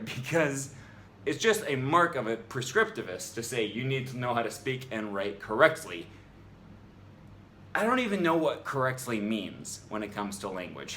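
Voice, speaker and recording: A man talks through an argumentative rebuttal in a casual vlog, sounding exasperated and filling pauses with ums. His pitch sits in a middle register but swings widely as he makes his points. A faint hum of room noise sits underneath him. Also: fairly bright tone. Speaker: language vlogger.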